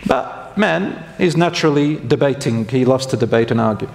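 In a hall with long reverb, an Islamic preacher delivers a religious lecture in an animated, gravelly, medium-pitched voice at normal speed, with slight background noise. His tone is conversational as he questions the congregation and corrects himself along the way.

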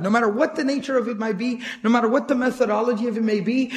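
A man teaching an educational lecture series on the life of the Prophet, earnest and emphatic, repeating his key points and reciting Arabic verses quickly. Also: high-pitched. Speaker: Islamic teacher.

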